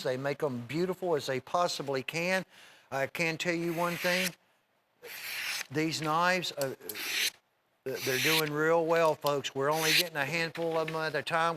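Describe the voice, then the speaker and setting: A middle-aged man hosting a TV shopping show, giving a folksy, rambling sales pitch straight to viewers. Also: fairly even intonation, moderate pace, noisy background. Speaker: TV shopping host.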